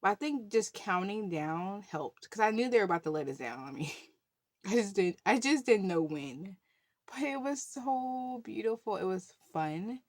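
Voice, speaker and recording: A woman's voice: mid-range voice, expressive, moderate pace, dry recording, studio quality. A woman telling a story in a casual vlog, chatty, with many fillers and frequent laughs. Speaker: budgeting channel host.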